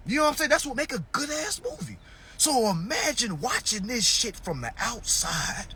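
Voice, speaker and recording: Animated, husky-voiced man ranting on a live stream. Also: very high-pitched, moderate pace. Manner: animated, mocking, profane, rhetorical questions. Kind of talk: casual ranting monologue. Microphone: phone.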